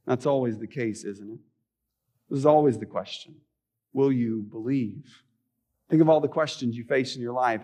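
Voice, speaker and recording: A man's voice: mid-range voice, darkish tone. A middle-aged male pastor preaching a sermon in a church, conversational, with frequent rhetorical questions. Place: church sanctuary.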